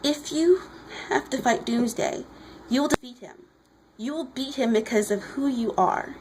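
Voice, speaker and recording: A woman reading aloud as a heroic warrior woman, giving an earnest, measured speech of encouragement. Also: sits high, background noise.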